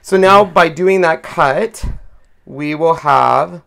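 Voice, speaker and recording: Her voice sits low, gravelly yet a bit bright, and she takes it slowly. She hosts a craft channel, chatting through a demo in a self-deprecating way and laughing frequently.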